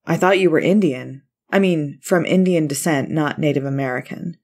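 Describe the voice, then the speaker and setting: A woman's voice: low voice, moderate pace, darkish tone. A woman voicing a friendly, curious teenage boy surfer from South Africa in a story reading.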